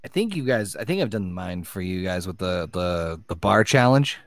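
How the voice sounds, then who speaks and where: A man's voice: low-pitched, very animated, normal speed, no echo. A man co-hosting a casual podcast, telling a long joke and acting out the bar talk with loose, swearing delivery. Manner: rambling storyteller, acts out bar dialogue. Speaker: podcast co-host.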